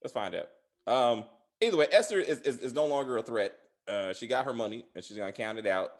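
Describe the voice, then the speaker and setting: Chatty man with a lively voice. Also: brisk. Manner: rambling, many fillers and restarts; laughs loudly and high. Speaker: podcast host reviewing a TV series. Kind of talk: casual chat.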